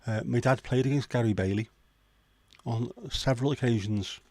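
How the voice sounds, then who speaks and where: A man from Liverpool, England runs a casual chat stream, swearing and joking in chatty asides to his viewers. His medium-pitched voice is a little mellow, at a moderate pace with no echo.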